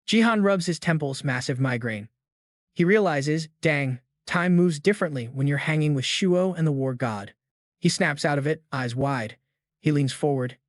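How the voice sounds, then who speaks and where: A man's voice: a little high, normal speed, no room sound, clean studio sound. A man narrating a comic-style story recap in a hyped, slang-heavy scripted manner.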